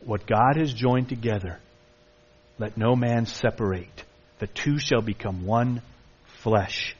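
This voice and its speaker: A man's voice: slow pace, husky. Man preaching emphatically, dull sound. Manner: emphatic preaching, mimics excuses in a high voice. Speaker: pastor. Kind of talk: sermon.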